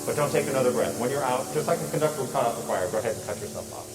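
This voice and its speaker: A man leading a choir through warm-up exercises, upbeat and encouraging, heard from a distance in a large echoey hall. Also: medium pitch, lively intonation, over music. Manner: upbeat, encouraging, quick praise. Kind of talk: choral warm-up instruction. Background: choir singing along.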